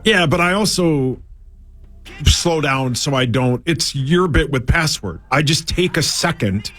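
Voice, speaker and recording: A man's voice: on the high side, animated, a little slow, fairly bright tone, soft background music. A man, co-hosting sports radio and reading sports news in a blunt, easygoing way.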